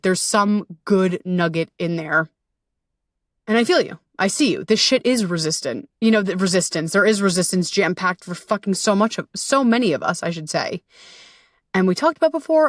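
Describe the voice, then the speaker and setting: A woman's voice: mid-range voice, dry recording, clean studio sound. A woman in her thirties hosting a casual solo podcast. She talks in a playful, chatty way with frequent swearing and asides. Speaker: podcast host.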